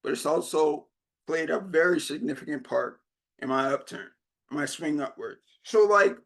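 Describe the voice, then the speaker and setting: A man's voice: a little high, normal speed, gravelly, a bit bright. Storytelling young man giving a keynote. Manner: storytelling, acting out quoted dialogue. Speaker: keynote speaker. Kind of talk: motivational keynote talk.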